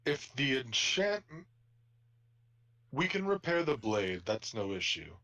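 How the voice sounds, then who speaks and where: A man voicing a calm, polite warforged robot blacksmith in a tabletop game. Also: mid-range voice, takes it slowly, full character voice. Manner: polite shopkeeper courtesy.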